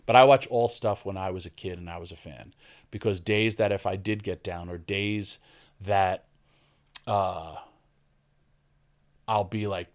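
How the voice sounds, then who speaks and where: Lively, low-voiced man telling stories. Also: unhurried, pauses often. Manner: animated storyteller, acts out quoted lines. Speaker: podcast guest, wrestler. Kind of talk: casual interview storytelling.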